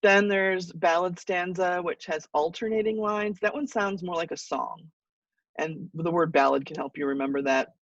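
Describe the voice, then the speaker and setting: Higher-voiced man lecturing from afar. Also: no echo. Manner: relaxed explaining with fillers and restarts. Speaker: college English teacher. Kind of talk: online class lecture. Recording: muffled distant mic.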